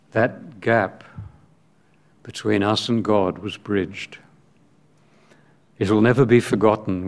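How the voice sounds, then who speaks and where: Slow, low-voiced man preaching. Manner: measured, emphatic, with long pauses between short phrases; reads scripture aloud within the preaching. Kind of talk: sermon.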